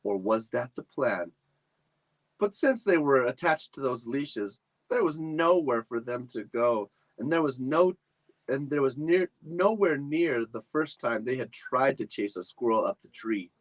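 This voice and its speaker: A man reading a chapter book aloud for children at a library storytime, in an expressive, animated manner. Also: medium pitch, a little slow, low-quality recording.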